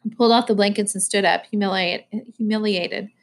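A woman's voice: mid-range voice, fairly even intonation, brisk. A woman reading a novel aloud, narrating evenly in the first person. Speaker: audiobook reader.

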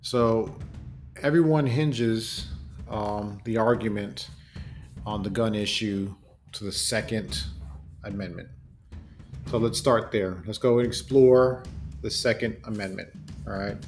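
A man hosting a solo commentary podcast, talking in an earnest, deliberate way with fillers and self-corrections. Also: on the low side, a little mellow, faint music behind. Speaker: podcast host. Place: home in Germany.

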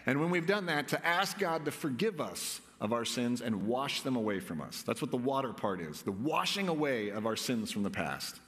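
Speaking in a large hall, the pastor preaches in a conversational style and regularly asks his listeners questions. He has a medium pitch and an expressive, fairly bright tone, moving at a moderate pace with hardly any pauses.

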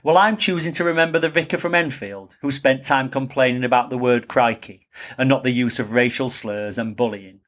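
A man's voice: mid-range voice, fairly even intonation, brisk, a bit bright. A man co-hosting a casual podcast, playful and teasing. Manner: playful, teasing, reads aloud. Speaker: podcast co-host.

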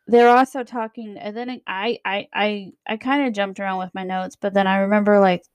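A woman's voice: mid-range voice, flat delivery, moderate pace, clean tone, dry recording. A woman with a Southern American accent, co-hosting a podcast in casual chat, chatty and prone to restarts. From Southeastern United States. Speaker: podcast co-host.

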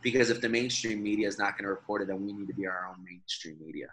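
Earnest, low-voiced man urging others on. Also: rapid-fire, a bit bright, a little hiss or hum. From Michigan. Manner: earnest, persuasive, with frequent restarts. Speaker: podcast guest, activist. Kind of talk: casual conversational interview.

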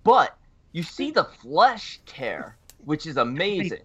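A man's voice: a little high, big pitch swings, takes it slowly, fairly bright tone, breathy edge, highs cut off. A man co-hosting a casual film podcast, thinking aloud and restarting phrases as he recalls scenes. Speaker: podcast co-host.

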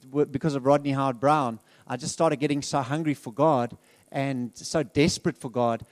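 A man's voice: mid-range voice, fairly even intonation, moderate pace, a little mellow, dry recording. A middle-aged man giving a candid, conversational testimony as a guest speaker in a church, laughing often and restarting his sentences.

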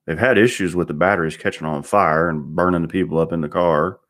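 A man's voice: low-pitched, steady tone, brisk, fairly bright tone. A man, a car mechanic, ranting bluntly in a rambling monologue and swearing constantly.

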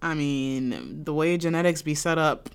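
A woman's voice: low voice, a little slow, gravelly, smooth. A woman co-hosting a podcast in casual chat, laid-back and blunt, often laughing. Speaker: podcast co-host.

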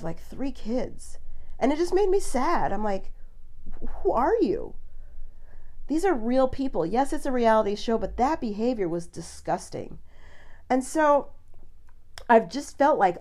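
A woman's voice: fairly high pitch, warm tone. A woman hosting a podcast, telling a story in casual chat with frequent laughs. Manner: chatty storyteller, laughs often. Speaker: podcast host.

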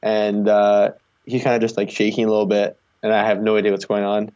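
A young Canadian man tells his road stories in a loose, rambling way, packing every sentence with "like". His voice sits a little low. The recording sounds slightly muffled and dull. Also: monotone, brisk, darkish tone, smooth. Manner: rambling, heavy use of "like" fillers. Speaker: guest, long-distance charity cyclist. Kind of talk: casual storytelling interview.

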